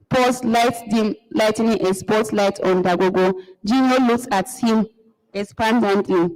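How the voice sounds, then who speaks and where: A woman reading the stage directions of a play aloud at a steady pace. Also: mid-range voice, unhurried. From Nigeria. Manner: steady, with occasional restarts. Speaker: marathon reader. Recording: long hall reverb.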